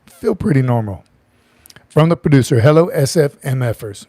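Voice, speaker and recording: A man's voice: medium pitch, lively intonation, normal speed, warm tone, no room sound. A middle-aged man hosting a casual livestream, chatty, joking and greeting viewers by name. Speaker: livestream host.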